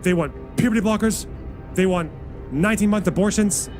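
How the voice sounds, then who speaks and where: A man mocking a ranting high-voiced pundit. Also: a little fast, soft background music, lightly acted. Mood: preachy. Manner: loud, preachy, trips over its own talking points. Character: ranting male political pundit, doom-preaching and indignant.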